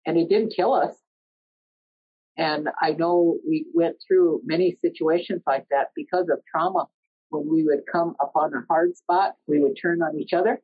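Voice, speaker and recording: Husky woman telling a personal story. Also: deep voice, steady tone. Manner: earnest, conversational, pauses mid-sentence. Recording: dull lo-fi recording.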